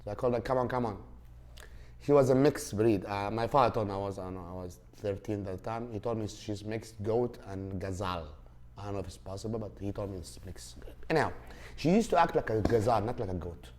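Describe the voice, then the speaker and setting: A man's voice: fairly low pitch, fast, a little mellow, a little hiss or hum. Rambling man. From Saudi Arabia. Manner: rambling, with many fillers and restarts. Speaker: podcast host. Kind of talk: casual storytelling.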